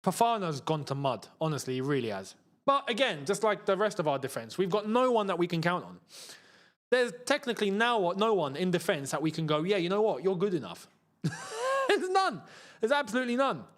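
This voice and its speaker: Chatty man with lively pitch. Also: a little fast. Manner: chatty, reads out viewer comments, bursts into emotional shouts. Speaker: football channel host. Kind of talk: live watchalong commentary.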